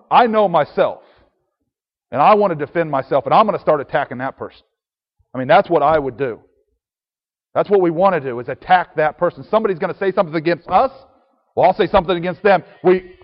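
A man preaching an earnest sermon, his fairly high voice carrying a long reverb around a church hall. He reads scripture aloud in old biblical wording. The recording is slightly dull.

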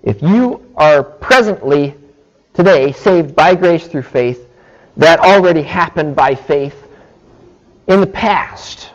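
Slow-talking preacher guy, kinda high voice, teaching verse by verse, dull lo-fi sound. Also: lively intonation. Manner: slow, deliberate teaching with frequent "okay" check-ins. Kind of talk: sermon.

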